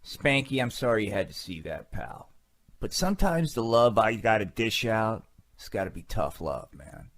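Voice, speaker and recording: A performer voicing a tough-guy Jesus puppet who trash-talks and fights Satan in a comedy puppet show, gruff and macho. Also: mid-range voice, sing-song, normal speed, a bit bright. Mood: gruff menace. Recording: submitted home video.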